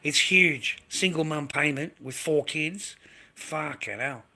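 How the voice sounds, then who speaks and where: A man's voice: a little high, slow pace, bright, forceful tone. An Australian man ranting on a live stream, aggressive and profane, repeating himself and snapping back at viewers in chat. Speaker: livestreamer. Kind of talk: angry live-stream rant.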